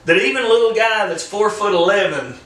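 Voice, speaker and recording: A man's voice: high-pitched, fairly quick. A man telling stories as a podcast co-host, acting out what others said. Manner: animated storyteller, acts out quotes. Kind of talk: casual storytelling chat. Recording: echoey room, mic at a distance.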